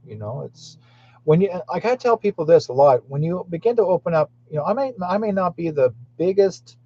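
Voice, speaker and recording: A man's voice: medium pitch, warm tone. Rambling male psychic host, dull lo-fi sound. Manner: rambling storytelling with many restarts; reads viewer comments aloud. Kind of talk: casual talk to viewers.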